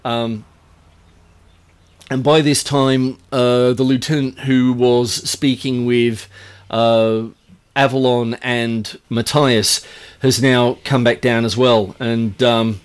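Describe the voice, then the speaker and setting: Man, game master, mid-pitched, rambling, halting narration. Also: level tone, clean tone. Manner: rambling, full of "uh" and restarts.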